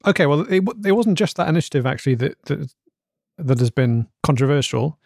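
Brief: a man playing a hesitant interviewer, slightly high voice, dry close mic. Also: expressive, fairly quick, creaky, a little mellow, dry recording. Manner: hesitant, polite, probing. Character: earnest male radio-style interviewer. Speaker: interviewer, presenter. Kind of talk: scripted comedy podcast.

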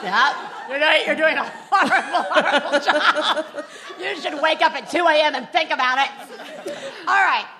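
A woman's voice: high-pitched, moderate pace, crowd noise. A woman co-hosting a live comedy podcast on stage, brash and profane, mock-scolding her co-host. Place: live stage before an audience.

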